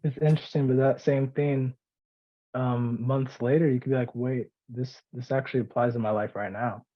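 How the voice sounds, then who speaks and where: A man's voice: mid-range voice, steady tone, moderate pace, highs cut off. A male musician co-hosting, speaking reflectively about growing as an artist. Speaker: guest co-host and musician. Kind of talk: casual interview.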